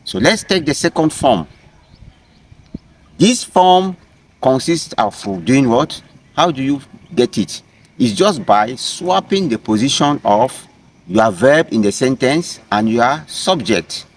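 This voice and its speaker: A man gives a language lesson outside, speaking at an unhurried, deliberate pace. He repeats key phrases and pauses often with fillers as he explains. His voice sits at a middle pitch. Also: very animated. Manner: slow, repetitive teaching with frequent fillers. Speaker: French teacher. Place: outdoors in nature.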